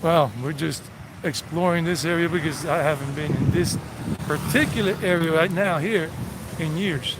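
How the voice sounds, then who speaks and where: Middle-aged American man, slightly high voice, rambling live-stream tour guide recorded outdoors over traffic. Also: normal speed. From United States. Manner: rambling, repeats himself, sings song snippets. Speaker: vlog host giving a walking tour. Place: outdoors on city streets. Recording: outdoor street noise behind voice.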